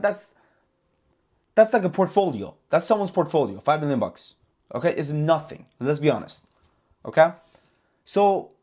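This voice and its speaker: Male trading vlogger, talks fast and loose, swears, repeats for emphasis, lively pitch, slightly high voice. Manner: animated, profane, repeats himself for emphasis. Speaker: trading channel host. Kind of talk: casual trading recap vlog.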